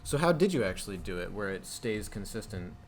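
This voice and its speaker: A man's voice: fairly low pitch, sing-song, fairly quick, slight background noise. A man hosting a show, chatting casually and asking curious questions. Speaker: show host. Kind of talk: casual conversation.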